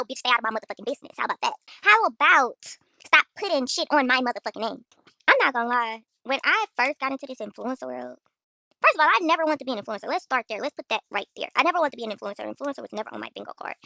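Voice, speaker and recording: A woman's voice: sits high, creaky, bright, forceful tone, dry recording. A young woman from Houston, ranting bluntly and profanely to viewers on her own livestream. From Houston, Texas. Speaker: influencer on a livestream. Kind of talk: casual livestream rant.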